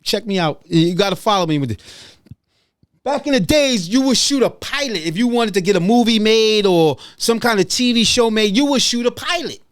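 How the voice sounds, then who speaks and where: A man's voice: high-pitched, animated, moderate pace, dry recording. A middle-aged man hosting his own podcast alone, talking straight to listeners in a repetitive, emphatic way, recorded in a small studio. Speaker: podcast host. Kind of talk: solo podcast monologue.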